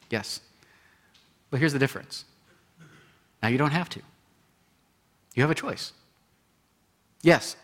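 A man preaching a sermon in an animated way, acting out inner voices and repeating phrases for emphasis. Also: medium pitch. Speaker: pastor.

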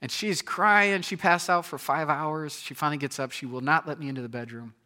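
A man in his thirties delivers a sermon like an animated conversation, telling stories and often repeating his words. His pitch is fairly high and his pace brisk.

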